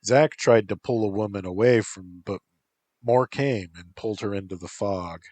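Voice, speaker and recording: A man reading a first-person story aloud in a deadpan, unhurried way. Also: on the low side, dry recording. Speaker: narrator.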